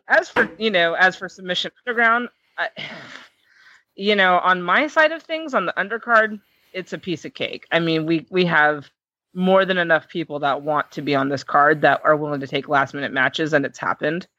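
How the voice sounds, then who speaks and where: A woman guest, a fight matchmaker, chatting in a casual interview, excitable and quick to laugh. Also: lowish voice, no echo, highs cut off. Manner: excitable, laughs often, self-described nervous reactor. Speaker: MMA matchmaker and commentator, guest.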